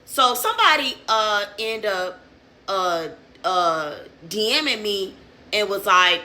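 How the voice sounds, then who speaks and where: Young woman spilling a story, cussing a lot, bright sharp voice. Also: mid-range voice, slow. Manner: animated, profane, streetwise slang. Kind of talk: casual storytelling.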